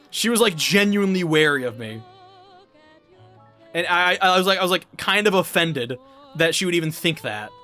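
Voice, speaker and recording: A man's voice: high-pitched, lively intonation, normal speed, pauses often, pushed and bright, faint music behind. A young man chatting casually while gaming, rambling and swearing, with many restarts. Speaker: gaming vlogger.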